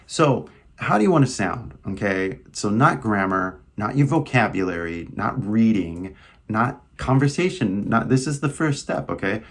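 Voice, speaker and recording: In a casual English lesson, a young teacher with a Californian American accent talks in an animated, fairly low voice at a slightly slow pace. He keeps things loose and chatty, peppering his speech with "like" and "right?"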